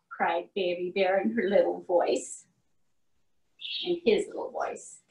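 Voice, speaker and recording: A preschool teacher, a woman, reading a storybook aloud to children in a slow, animated, expressive way, heard from far off in an echoey classroom. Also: medium pitch.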